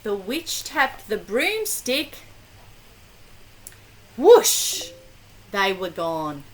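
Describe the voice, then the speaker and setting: A woman's voice: mid-range voice, slight background noise, rough recording. An older woman, a grandmother, reading a picture book aloud to her grandchild, gasping and asking questions as she goes. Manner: slow, animated, with gasps and questions to the child.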